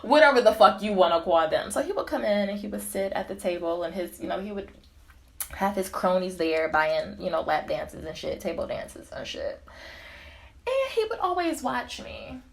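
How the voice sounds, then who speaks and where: A young woman tells a casual storytime tale in an animated, profane way. Her pitch swings widely as she talks, and she laughs often between phrases. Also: moderate pace, creaky.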